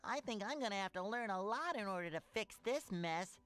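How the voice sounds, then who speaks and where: SpongeBob, a bubbly cartoon sponge. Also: male voice, high-pitched, lively intonation, fairly quick, sharp tone. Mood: cheerful. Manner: bubbly, eager. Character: cheerful young cartoon sea sponge hero. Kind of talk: cartoon game tutorial voice acting. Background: game music.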